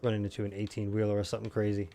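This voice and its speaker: A gaming streamer with a fairly low, warm voice talks rapid-fire and in a monotone while chatting casually with viewers during a live game. He's self-mocking and rambling, full of fillers, with a little hiss or hum in the audio.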